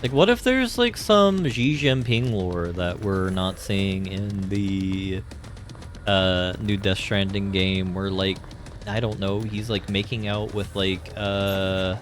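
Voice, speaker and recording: A man's voice: low-pitched, slow, a little hiss or hum. A man streaming a video game live, chatting casually and rambling with lots of fillers. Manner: rambling, filler-heavy musing. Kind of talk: casual gameplay commentary.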